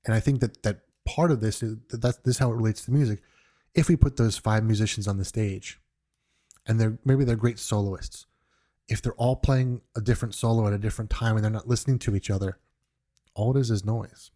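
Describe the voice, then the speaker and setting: Podcast host, male, from New York, earnest and reflective, mellow and lowish, unscripted monologue. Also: fairly even intonation, fairly quick. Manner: earnest, reflective, with frequent restarts.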